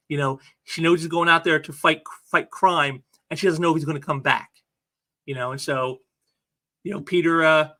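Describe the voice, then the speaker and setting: An enthusiastic man talks casually through a comic book, as host of his own review show. His voice is a bit higher than most men's and sounds bright and forceful. He talks in a chatty, eager way. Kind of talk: casual video commentary.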